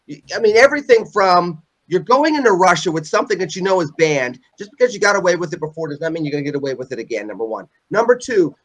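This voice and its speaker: A man hosting a political panel discussion, pressing guests with pointed, rapid-fire questions. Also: high voice, low-quality recording. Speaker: host.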